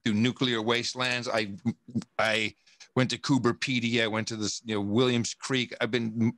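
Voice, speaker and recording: Animated, profane man. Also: mid-range voice, normal speed, no echo, studio quality. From United States. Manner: animated, profane, rambling with many restarts. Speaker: guest. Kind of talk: casual podcast conversation.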